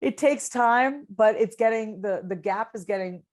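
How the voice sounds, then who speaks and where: A woman's voice: a little high, normal speed. A woman guest on a podcast talking casually and with energy, often repeating words as she builds a point. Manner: animated, repeats words when excited; coaches herself out loud. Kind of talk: casual conversation.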